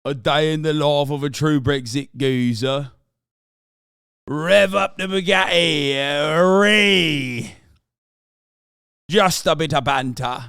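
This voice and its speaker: A man putting on a to play a brash, jokey young lad with loud, mocking banter. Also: fairly high pitch, slow, pauses often, smooth, no echo, clean studio sound.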